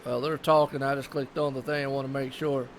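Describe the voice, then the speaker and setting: A man's voice: mid-range voice, flat delivery, a little fast, slight background noise. A man with a Southern US accent giving casual, rambling live commentary on a sim race and chatting with viewers.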